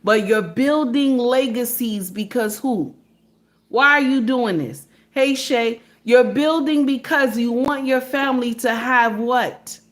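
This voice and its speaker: A woman's voice: a little high, slow pace. A woman giving a preachy commentary monologue, firing rhetorical questions at her listeners and calling them her sisters. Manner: emphatic, asks rhetorical questions of her audience; addresses listeners as sisters, sermon-like. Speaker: online commentator.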